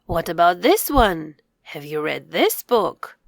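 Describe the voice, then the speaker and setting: A woman teaching young children to read. She speaks slowly and clearly, says each word aloud, then echoes it in a whisper. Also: lowish voice, sing-song, clean studio sound. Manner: slow, clear, encouraging delivery for young learners. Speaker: reading teacher. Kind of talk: scripted children's reading lesson.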